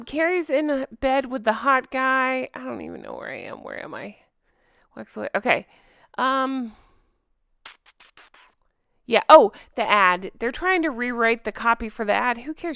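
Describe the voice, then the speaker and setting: A woman recaps a TV episode in an exasperated, sarcastic rant, breaking off mid-thought. Her voice is smooth and clear, and it swings widely up and down. The recording is dry and close. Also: a little high, pushed and bright, dry recording. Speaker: show recap host. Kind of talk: ranting TV recap.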